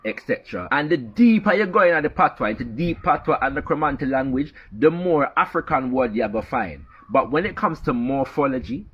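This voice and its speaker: A man with a Jamaican accent explaining language in a measured, emphatic lecture style, often checking in with "yeah". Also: mid-range voice, a bit bright, breathy edge. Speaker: commentator on language. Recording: dull lo-fi played clip.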